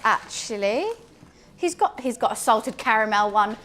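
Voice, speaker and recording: A woman's voice: fairly high pitch, animated, a little slow, fairly bright tone, faint music behind. A woman streaming as she cooks, chatting in a scattered, casual way and talking to her cat. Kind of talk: casual cooking stream chat.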